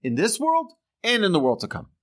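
A man's voice: high-pitched, wildly swooping pitch, brisk, fairly bright tone, voice pushed up, full character voice. A man doing a grand, solemn heavenly voice. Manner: declaring, solemn.

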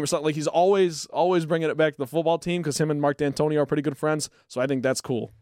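A man with a somewhat high voice, trading short quips and dry jokes about college sports. He speaks in a relaxed chat manner and sounds close and dry. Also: smooth, no echo. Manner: quick interjections, dry humor.

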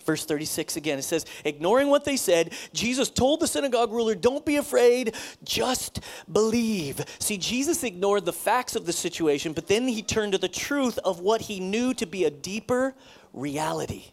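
A man, a pastor, preaching a sermon in a conversational, animated way, often repeating himself. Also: high-pitched, fairly quick.

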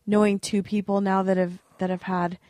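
A woman's voice: medium pitch, level tone, normal speed, a little mellow, no echo. A woman co-hosts a podcast in loose, casual chat. She rambles earnestly, searching for her words, in an ordinary mid-range voice. The sound is close and dry. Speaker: podcast co-host.

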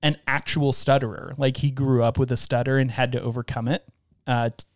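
A man's voice: medium pitch, flat delivery, a little fast, dry recording, clean studio sound. A man co-hosting a podcast, chatting casually about movies and laughing often. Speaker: podcast co-host. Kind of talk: casual movie-discussion chat.

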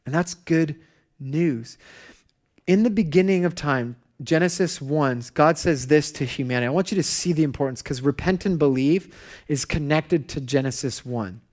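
Pastor, man, young adult; lively storytelling sermon, slightly high voice, self-mocking laughs. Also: moderate pace. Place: church hall.

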